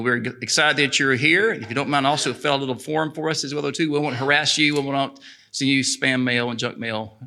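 A middle-aged man, leading a church service in a lively, chatty way, reading scripture and praying. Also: medium pitch, creaky. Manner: lively, chatty, laughs easily. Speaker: pastor. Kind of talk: church announcements and prayer.

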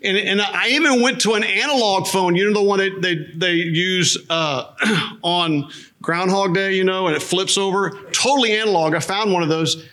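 A male pastor welcoming his church and telling a made-up comic story in a chatty, deadpan way, with fillers and restarts. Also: high voice, moderate pace. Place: church sanctuary.

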